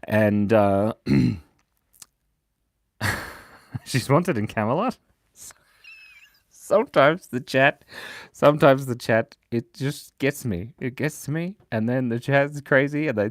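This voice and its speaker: This playful Australian drawing host for kids reads chat messages aloud at a measured pace, often pausing, his pitch swooping from loud, excited bursts to quiet mumbles. With the mic tucked in his beard, the sound is close and dry, with almost no room echo.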